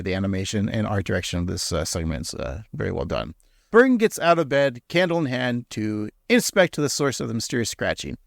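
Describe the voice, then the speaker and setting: A man hosts a podcast, walking through an episode and needling his co-host. His pitch moves a lot and the sound is dry and close. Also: vocal fry, no echo. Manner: teasing, animated. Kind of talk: casual episode recap.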